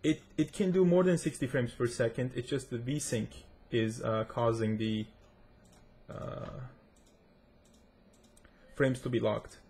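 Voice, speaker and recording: A man's voice: medium pitch, steady tone, slow pace, pauses often, darkish tone, slight background noise. A man with a self-described accent giving chatty, rambling commentary to his viewers while he plays and tests a game. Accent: non-native accent, self-described. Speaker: gaming tech reviewer. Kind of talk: casual gameplay commentary.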